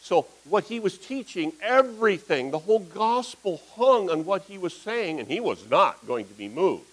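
Middle-aged guy preaching, animated, acts out quotes in his stories. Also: sits high, moderate pace, low-quality recording. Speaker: pastor. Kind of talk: sermon.

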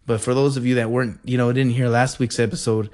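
A man from the El Paso area hosting a podcast, rambling in an animated, digressive way. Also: medium pitch, fast talker. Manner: animated, digressive, says "freaking" a lot. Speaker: podcast host. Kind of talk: rambling casual monologue.

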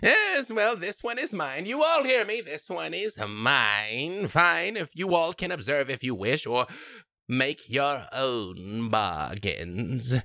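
A man voicing an ancient, possessive female hag who speaks slowly and sweepingly. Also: on the high side, very animated, pushed and bright, no echo, studio quality, pitched above the performer's own voice, heavily acted. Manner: drawn-out, sweeping delivery.

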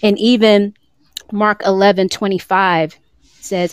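A woman's voice: lowish voice, fairly even intonation, moderate pace, no echo. A woman co-hosting a faith podcast, talking earnestly about forgiveness and quoting scripture in its old wording. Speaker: podcast co-host. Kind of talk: casual faith talk, teaching on forgiveness. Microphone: remote call, moving around.

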